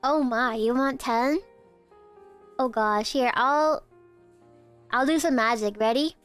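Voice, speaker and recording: High-voiced young woman streamer, slow and teasy, acting out a barista bit, faint music under it. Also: fairly bright tone, smooth. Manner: teasing and giggly, with sudden squeaky outbursts. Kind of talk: playful live-stream chat, role-playing a barista.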